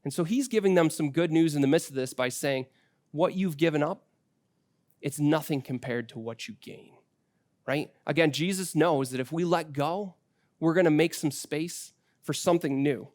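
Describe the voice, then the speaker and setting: A man in his forties preaches from the pulpit, his voice sitting a little higher than most men's. He talks to the congregation in an easy, conversational way, weaving in personal stories about his children. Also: normal speed, darkish tone, dry recording. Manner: conversational storytelling with personal anecdotes. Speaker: pastor. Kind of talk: sermon.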